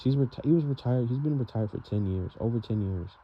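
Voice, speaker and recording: A man's voice: mid-range voice, fast talker, husky. A young man venting in a rambling, frustrated vlog monologue, full of fillers and "bro". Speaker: vlogger. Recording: dull lo-fi sound with faint noise.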